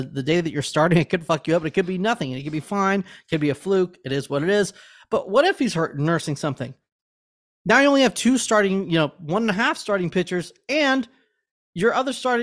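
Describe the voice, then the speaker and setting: A man's voice: high-pitched, a bit bright. A man co-hosting a casual sports podcast, rambling and swearing in frustration. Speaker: podcast co-host.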